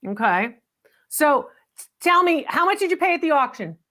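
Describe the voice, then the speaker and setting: A woman's voice: high-pitched, very animated, normal speed, pushed and bright. A middle-aged woman hosting a live call-in antiques appraisal show, upbeat and chatty.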